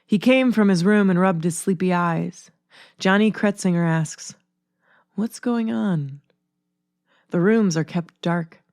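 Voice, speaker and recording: Woman reading a story out loud, kinda low voice, steady, super dry close sound. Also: no echo. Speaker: narrator.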